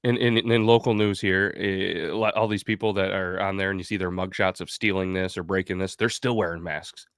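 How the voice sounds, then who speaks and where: Podcast host dude, low voice, rambly swear-y stories, dry sound. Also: male voice, fairly even intonation, brisk, hardly any pauses, a bit bright, clean tone, no echo. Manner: rambling, profane anecdote-telling. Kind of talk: casual podcast chat.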